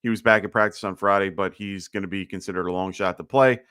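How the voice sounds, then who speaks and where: A man's voice: sits low, steady tone, quick pace, fairly bright tone, clean tone, dry recording, clean studio sound. A man with a slight lisp hosting a live fantasy football Q&A, talking loosely with lots of fillers and sounding short on sleep. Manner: loose, chatty, many fillers. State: tired from little sleep. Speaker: fantasy football livestream host. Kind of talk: casual live Q&A commentary.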